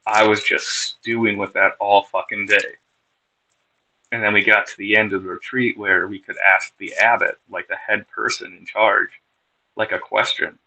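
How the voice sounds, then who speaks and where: A man's voice: lowish voice, level tone, normal speed, bright, forceful tone, low-quality recording. A man telling his recovery story on a podcast in a candid, wry way, with plenty of swearing. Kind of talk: casual personal storytelling.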